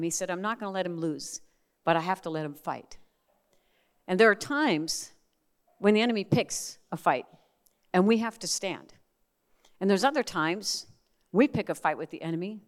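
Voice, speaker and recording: A middle-aged woman preaching a sermon, telling family stories in a lively way and acting out the voices she quotes. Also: lowish voice. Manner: animated storyteller, acts out quoted voices.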